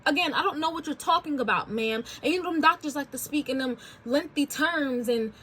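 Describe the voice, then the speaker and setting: Chatty woman telling a story, high voice. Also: fairly bright tone, slight background noise. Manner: chatty, candid, quick asides and slangy phrasing. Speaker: podcast host. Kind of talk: casual storytelling.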